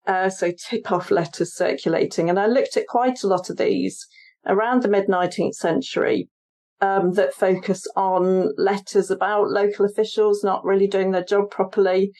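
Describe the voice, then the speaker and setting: A woman's voice: mid-range voice, fairly even intonation, moderate pace, a little mellow. A woman author and historian being interviewed on a podcast, explaining her research in a chatty way and laughing easily.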